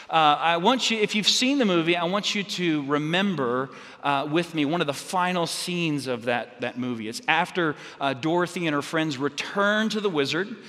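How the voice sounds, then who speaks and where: A man preaching a sermon as pastor, telling stories in a halting way with many restarts and fillers. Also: a little high, fairly bright tone, in a large hall.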